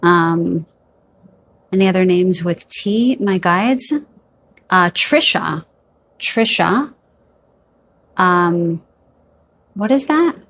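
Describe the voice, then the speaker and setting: A woman giving a pick-a-card psychic reading to camera, feeling her way through names with hesitations and gently reassuring her viewers. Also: lowish voice, extremely slow, pauses often. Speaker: tarot card reader.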